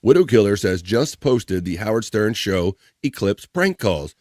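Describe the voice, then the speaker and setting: A man hosts a live stream and reads viewer comments aloud, joking and calling out names. His voice sits fairly low. The sound is dry and close, with no room echo. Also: big pitch swings, measured pace. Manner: playful, jokey, shouting out viewers by name. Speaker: live-stream show host.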